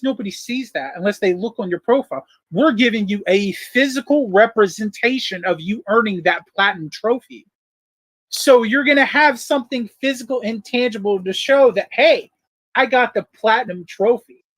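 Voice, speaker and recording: A man's voice: very high voice, lively intonation, moderate pace, a bit bright, no echo, poor audio. A man in his thirties, a livestream guest chatting casually and explaining things step by step. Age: 30s.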